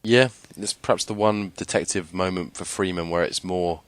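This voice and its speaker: A podcast co-host with a low voice and steady tone talks at a moderate pace in a casual discussion, with no room sound. He sounds easygoing but hesitant, using many filler words.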